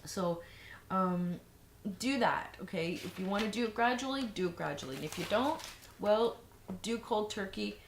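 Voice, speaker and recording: A woman's voice: medium pitch, expressive, normal speed, gravelly. A woman vlogger giving frank, rambling advice in a casual monologue, full of fillers and restarts. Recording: echoey room, faint noise.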